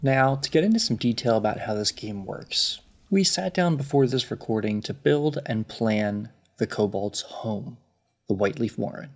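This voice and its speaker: A man narrating a tabletop game as its game master in a relaxed, chatty way. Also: lowish voice, moderate pace.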